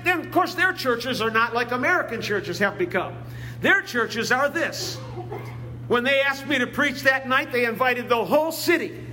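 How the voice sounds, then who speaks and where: A man's voice: extremely high pitch, sharp tone, slight background noise. A man preaching a sermon, telling stories with heartfelt feeling and reciting scripture. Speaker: visiting preacher.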